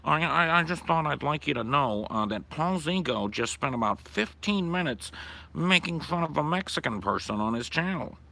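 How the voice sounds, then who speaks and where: A man's voice: fairly high pitch, animated, moderate pace, gravelly, bright, forceful tone, voice pushed up, full character voice. A man doing a nervous, stammering caller. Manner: hesitant, stammering.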